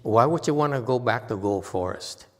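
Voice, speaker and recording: Man, Buddhist teacher, Dharma talk, emphatic, forceful exhortations, long hall reverb. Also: medium pitch, lively intonation, moderate pace.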